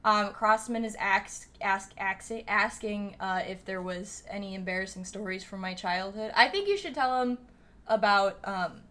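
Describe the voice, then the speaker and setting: A woman's voice: medium pitch, moderate pace, fairly bright tone. A young woman livestreaming, chatting casually and thanking viewers as she reads the chat.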